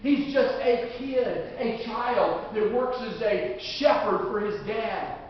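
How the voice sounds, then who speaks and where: A man, a pastor, preaching a sermon in a folksy, joking way that rises to fervent shouts. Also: extremely high pitch, slow, a little hiss or hum. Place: church sanctuary. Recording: echoey hall, distant dull mic.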